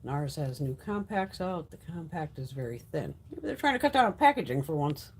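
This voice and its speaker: A woman's voice: deep voice, sing-song, normal speed, darkish tone, slight background noise. A woman hosting a casual beauty livestream, giving blunt, heavily profane opinions in a chatty, rambling way. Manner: chatty, rambling with frequent restarts. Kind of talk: casual livestream chat, reading viewer comments.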